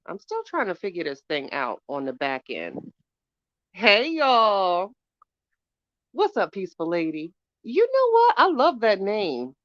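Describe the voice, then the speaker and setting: A woman hosting a casual live stream, hoarse from a chest cold, chatting with viewers and greeting them by name. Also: lowish voice, no room sound, highs cut off. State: hoarse from bronchitis. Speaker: podcast host doing a live stream. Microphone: phone.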